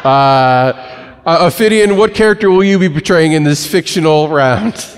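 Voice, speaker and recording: A man's voice: a little high, moderate pace, clean tone. A man hosting a live comedic wrestling game on a convention stage, with wry, chatty banter. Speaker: host and commentator. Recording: reverberant convention hall.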